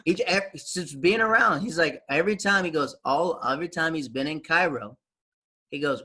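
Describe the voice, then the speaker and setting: A man's voice: a little high, moderate pace. A man in his thirties from the Southern United States, telling stories in casual podcast chat and acting out the quotes. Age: 30s. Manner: animated, acts out quotes, frequent restarts. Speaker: podcast host.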